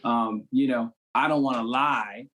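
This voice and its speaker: A man's voice: mid-range voice, fairly even intonation, unhurried, a bit bright. A man from the Cambridge area, a guest actor in a casual conversation, talking loosely with many "you know what I'm saying" fillers. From Cambridge, Massachusetts.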